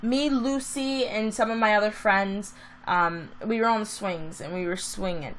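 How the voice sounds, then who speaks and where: A woman's voice: mid-range voice, moderate pace, fairly bright tone, slight background noise. A woman vlogger telling a story in a casual, chatty way that turns into a heated rant.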